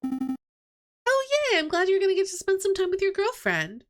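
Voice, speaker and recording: A woman voicing an excitable young male sparrow assistant in a game, with a squeaky, eager voice. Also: moderate pace.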